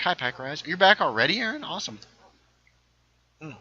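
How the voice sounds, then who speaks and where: A man's voice: fairly high pitch, big pitch swings, normal speed, pauses often, pushed and bright, slightly rough, highs cut off. A man casually chatting on a gaming livestream, rambling through stories and reading chat aloud. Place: home setup, playing a game.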